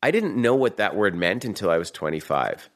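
A man with a Boston accent telling a story in a fast, profane, animated way as a guest in a casual chat. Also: deep voice.

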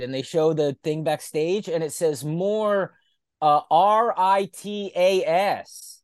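A man with a slightly high voice co-hosts a casual, comedic podcast, spinning out a joke scenario with animated storytelling. He slips into quoted lines as he goes. The sound is dry and close. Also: slow pace, clear, resonant tone, dry recording. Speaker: podcast co-host.

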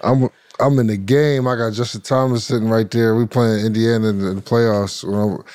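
Male co-host, low voice, relaxed chatty storyteller, dry studio sound. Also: fairly quick, clean tone, no echo. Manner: laughing, loose storytelling. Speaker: podcast co-host. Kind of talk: casual chat.

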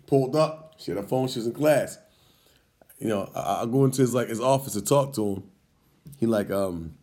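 A man co-hosting a podcast, telling a heated story in casual chat, animated and profane, acting out arguments. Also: medium pitch, quick pace. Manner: animated, profane, acts out confrontations. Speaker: podcast co-host.

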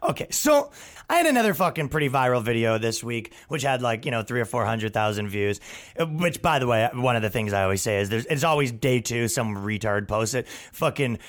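Guy ranting on his podcast, foul-mouthed and sarcastic, voice jumps all over the place. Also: brisk. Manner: profane, sarcastic, mocking, with put-on voices for others; animated, swings between loud outbursts and low asides. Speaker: podcast host and stand-up comedian. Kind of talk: casual ranting monologue.

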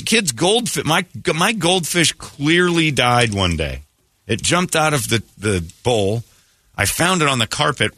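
Animated man telling comic stories. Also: a little high. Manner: animated storytelling with laughs and acted-out voices. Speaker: morning radio host. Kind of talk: comedic morning radio talk.

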